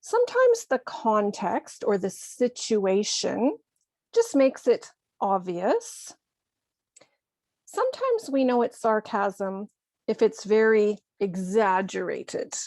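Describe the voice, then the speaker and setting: A woman teaching English to learners, explaining things slowly and carefully with acted examples. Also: mid-range voice, sing-song, darkish tone, dry recording. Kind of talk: slow, careful ESL lesson.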